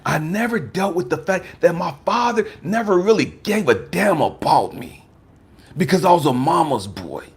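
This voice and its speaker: Man, life coach, raw personal testimony, husky voice, high and swooping pitch, emphatic, profane. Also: sing-song, normal speed. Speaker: life coach and motivational speaker.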